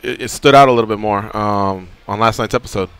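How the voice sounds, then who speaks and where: Smooth-voiced man hosting radio. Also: on the low side, brisk, fairly bright tone. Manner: joking, conversational. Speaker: radio host. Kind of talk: casual radio show chat. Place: radio studio.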